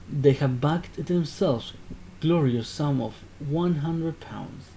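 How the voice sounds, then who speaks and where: A man's voice: a little high, slow pace, creaky, warm tone, a little hiss or hum. A man casually narrating a text game aloud, often stopping to correct himself. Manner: casual, self-interrupting narration. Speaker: gaming video creator.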